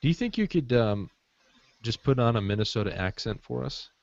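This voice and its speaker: A man's voice: medium pitch, sing-song, brisk, vocal fry, no room sound. A man co-hosting a casual podcast chat, rambling with frequent fillers, heard over muffled call audio. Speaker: podcast co-host.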